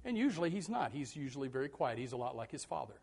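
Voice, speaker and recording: This preacher speaks fast in a medium pitch with a sing-song lilt, vocal fry, and a slightly rough edge. His sermon is folksy and humorous, dropping to hushed asides and bursting into shouts, with repeated words at the start of thoughts.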